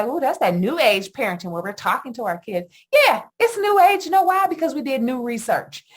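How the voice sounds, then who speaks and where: A middle-aged woman hosting a solo podcast on attachment, talking in an animated, emphatic way with lots of rhetorical questions. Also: medium pitch. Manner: animated, emphatic, often asks "guess what" and "right?". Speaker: podcast host, attachment educator.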